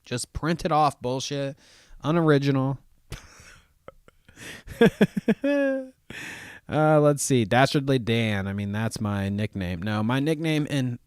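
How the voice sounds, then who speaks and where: A young man from Ohio hosts a laid-back live chat show, answering his viewers with dry sarcasm and laughter. His voice sits in an ordinary middle pitch. The sound is close and dry, with no room echo. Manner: sarcastic and joking, laughs often, reads out viewer comments. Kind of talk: casual livestream chat.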